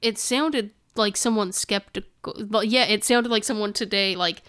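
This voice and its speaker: Woman, podcast co-host, smooth clear voice, chatty, animated. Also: mid-range voice, moderate pace. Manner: chatty, laughs often, animated reactions. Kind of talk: casual chat. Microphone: studio microphone.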